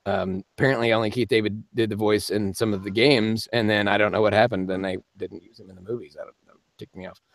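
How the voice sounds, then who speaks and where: A man's voice: fairly low pitch, fairly even intonation, fast talker, dry recording, clean studio sound. A man hosting a live-stream Q&A as a voice actor, chatting casually and rambling with frequent laughs. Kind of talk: casual live-stream chat answering viewer comments.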